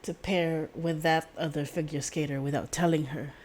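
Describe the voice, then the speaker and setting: Woman streamer, low voice, loose rambling chat, giggles a lot, swears freely. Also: steady tone, normal speed, a little mellow, a little hiss or hum. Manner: rambling and giggly, laughs often; casual swearing. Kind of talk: casual chat.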